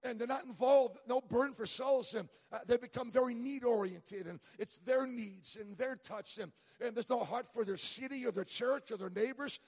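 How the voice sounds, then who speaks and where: A man's voice: very high-pitched, moderate pace, hardly any pauses, darkish tone. A middle-aged man preaching a sermon as a traveling evangelist, telling stories with humor and stumbling through frequent restarts. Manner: storytelling with humor, many stammered restarts. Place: church sanctuary. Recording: long church reverb.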